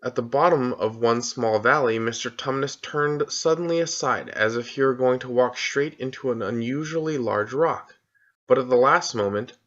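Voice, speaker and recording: A man narrating a children's storybook aloud in a calm, measured reading voice, on a dull lo-fi recording. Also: medium pitch. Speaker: audiobook reader.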